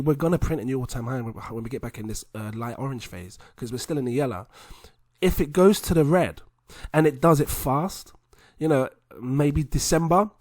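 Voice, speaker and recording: A man hosting a video, talking viewers through charts in a chatty, animated way. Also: medium pitch, no echo. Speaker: crypto video host. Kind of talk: casual chart commentary to viewers.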